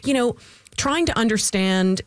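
A woman's voice: a little high, lively intonation, measured pace, no room sound. Chatty, analytical woman policy guest. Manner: chatty, analytical, laughs between points. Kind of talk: casual panel discussion.

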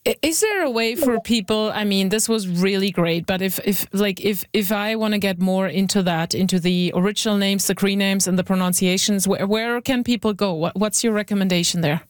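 A woman's voice: medium pitch, brisk, few pauses, dry recording. A woman hosting a radio show, chatting in a friendly way with fillers as she asks her guest questions.

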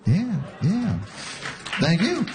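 A man's voice: sits high, drawn-out words, noisy background. A man in his forties performing a stand-up comedy routine, telling stories and acting out the voices of the people in them. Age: 40s. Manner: animated storytelling that acts out quoted voices.

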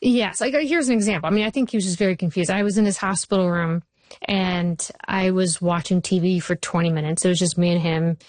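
Brief: woman in her forties, lowish voice, lively storyteller, guest on an interview show, dry close sound. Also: fairly quick, no echo. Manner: animated storyteller, acts out quotes. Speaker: TV writer and showrunner.

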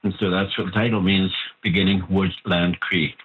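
A man, an author of a language book, giving measured, explanatory interview answers with pauses. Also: low-pitched, level tone, a little hiss or hum. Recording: tinny phone-like line.

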